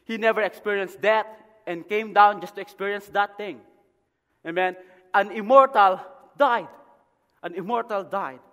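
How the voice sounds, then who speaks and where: A missionary preacher from the Philippines delivering a sermon, dotting his lines with "amen" and building to loud, emphatic passages. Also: high voice, normal speed. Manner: repeats "amen" as a call to the congregation. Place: church sanctuary. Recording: long hall reverb.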